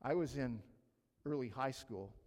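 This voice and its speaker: A man preaching a sermon, telling a personal story with animated delivery and acting out his own panic. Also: mid-range voice, a little slow. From Canada. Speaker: pastor. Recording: long hall reverb.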